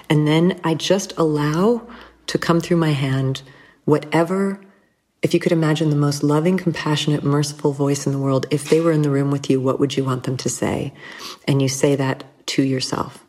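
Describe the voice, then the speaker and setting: A woman speaking as an interview guest, reflective and conversational, telling personal stories with small restarts and soft laughs. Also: low voice, steady tone, normal speed. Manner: thoughtful, warm storytelling with frequent restarts and light laughs.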